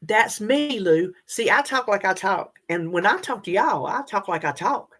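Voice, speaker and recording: Lively woman chatting. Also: mid-range voice, moderate pace. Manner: chatty, animated, talks straight to viewers. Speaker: vlogger. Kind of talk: casual chat to viewers.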